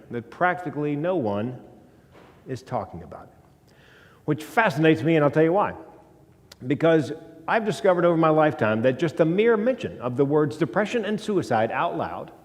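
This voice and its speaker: Male comedian-speaker, wry storyteller, slightly high voice, recorded with a long reverb in a large hall. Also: a little mellow. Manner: storytelling with dramatic pauses and wry humor. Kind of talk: stage talk. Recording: hall reverb from stage talk.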